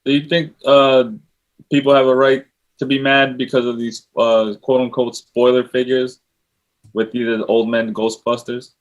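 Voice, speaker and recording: A man's voice: medium pitch, level tone, unhurried, lo-fi sound. A man in casual chat who asks questions thoughtfully.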